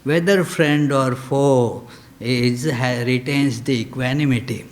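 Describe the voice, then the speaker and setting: A man giving a spiritual lecture as a swami, in a slow, halting delivery full of "uh" fillers. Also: medium pitch. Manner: lapses into chanted Sanskrit verse.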